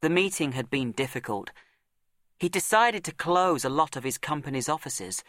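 A man narrates a storybook in a slightly high voice. He reads in a measured, deliberate way, slowing down and pausing for effect. The recording is close and dry, with no room sound. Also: expressive, fairly bright tone, no echo. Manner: measured, dramatic pauses and slowed emphasis.

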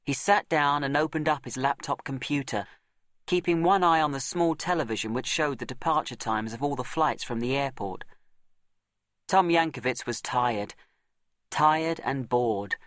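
Man narrating a storybook, measured and dry. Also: mid-range voice, fairly bright tone, no room sound. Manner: measured, dramatic pauses and slowed emphasis.

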